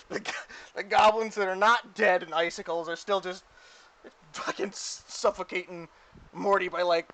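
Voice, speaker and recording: A high-pitched young man narrates a tabletop game as game master. He keeps laughing through his descriptions, loose and casual. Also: fairly even intonation, normal speed, a bit bright.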